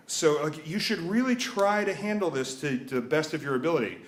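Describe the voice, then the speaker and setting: A man's voice: a little high, animated, a little fast, hardly any pauses, roomy sound. A man in his thirties telling a personal story live, wry and self-mocking, acting out the voices of the people in it. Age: 30s.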